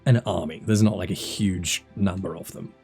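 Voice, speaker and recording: A man runs a tabletop game as dungeon master. His voice sits fairly low, and he talks in a loose, hesitant way full of fillers. Faint music plays underneath. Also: normal speed, slightly rough. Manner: relaxed, hesitant, many fillers.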